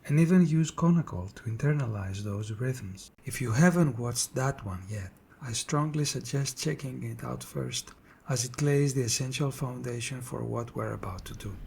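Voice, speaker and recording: A man narrating a scripted drum tutorial in a measured, explanatory way. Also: medium pitch, vocal fry, a little mellow, slight background noise. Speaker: drum teacher.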